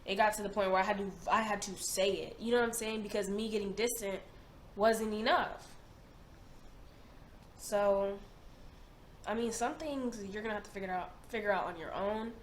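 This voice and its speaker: A woman's voice: medium pitch, fairly even intonation, moderate pace, long pauses. A young woman in her twenties, hosting a reaction video in casual chat, emphatic and slangy, often repeating herself. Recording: roomy echo, faint noise.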